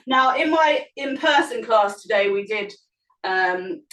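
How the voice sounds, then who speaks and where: A woman's voice: on the high side, lively intonation, takes it slowly, fairly bright tone. A woman yoga teacher leading an online class, cueing poses and breaths and explaining as she moves, a little out of breath. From England. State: slightly out of breath. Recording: echoey room, mic at a distance.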